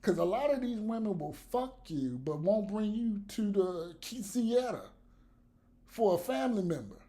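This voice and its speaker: A man's voice: sits high, animated, moderate pace, mellow. A man vlogging blunt, profane commentary to the camera, with laughs between his points.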